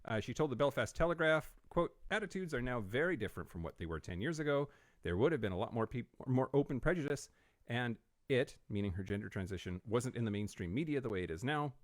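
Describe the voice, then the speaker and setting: A man's voice: mid-range voice, big pitch swings, fast, no room sound. A man co-hosting a podcast, reading out news items with wry asides and frequent fillers in a casual studio chat. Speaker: podcast co-host.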